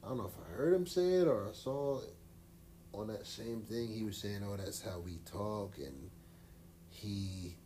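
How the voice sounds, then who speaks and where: A man co-hosting a casual podcast, his voice very low and dark in tone. He rambles easily, leaning on slang and fillers, over a faint hiss. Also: expressive, moderate pace. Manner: laid-back, rambling, uses slang and fillers. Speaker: podcast co-host. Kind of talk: casual chat.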